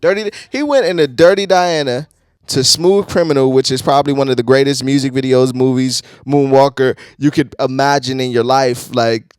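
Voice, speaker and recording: A young man reviewing music in a casual, excitable, slangy, rambling way. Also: mid-range voice, normal speed, smooth, no room sound, clean studio sound.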